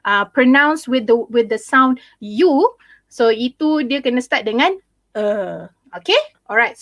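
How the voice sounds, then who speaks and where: High-voiced Malaysian woman tutor. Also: a bit bright. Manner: mixes English with Malay, many fillers. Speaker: English tutor. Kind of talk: online class teaching.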